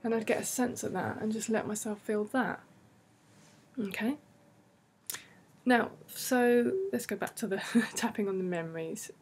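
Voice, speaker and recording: A woman practitioner giving slow, soothing guided tapping instructions, repeating gentle phrases. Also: mid-range voice, slight background noise.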